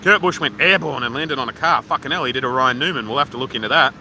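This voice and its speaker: Talking fast in a medium-pitched, sharp voice, this Australian livestream host rambles casually and profanely while reading comments from viewers. He is streaming from his phone at a waterfall park outdoors, and the rough recording carries a little hiss or hum.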